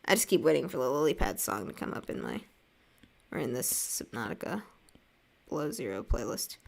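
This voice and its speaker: With a bass, darkish voice full of vocal fry, a young American woman talks in a sing-song way at a fairly quick pace. She's an art streamer drawing on her livestream, reading viewer messages aloud and rambling casually with frequent "like" and small laughs.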